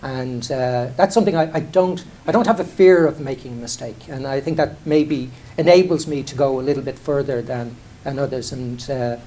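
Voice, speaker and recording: A man's voice: medium pitch, normal speed, few pauses, dark tone. Irish businessman telling a candid story. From Ireland. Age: middle-aged. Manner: conversational, self-deprecating, frequent restarts and "you know". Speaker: airline chief executive. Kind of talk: candid anecdotal talk on stage.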